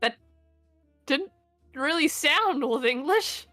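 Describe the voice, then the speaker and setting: A woman speaks in a high, lively voice on a casual stream chat, blunt and swearing freely. She laughs between remarks, her pitch bouncing around. Faint music plays behind her. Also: slow. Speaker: stream guest.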